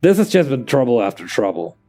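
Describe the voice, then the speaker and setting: A man's voice: mid-range voice, very animated, brisk, dark tone, close to an everyday voice. A man voicing a brash, sarcastic male gangster who runs a club, for a fan dub of a game. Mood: gruff. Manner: blunt, sarcastic. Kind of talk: fan voice-over of game dialogue.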